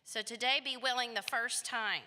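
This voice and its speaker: Woman teacher, slightly high and bright, storytelling in an echoing hall. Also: normal speed. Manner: animated, asks the children questions. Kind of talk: storytelling to schoolchildren. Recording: long reverb of a hall.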